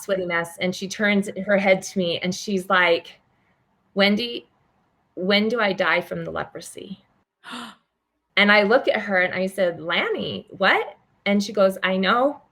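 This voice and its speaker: An older woman, a charity founder, telling a story as a guest in an interview, acting out the quoted dialogue. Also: mid-range voice. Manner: animated, acts out quoted dialogue.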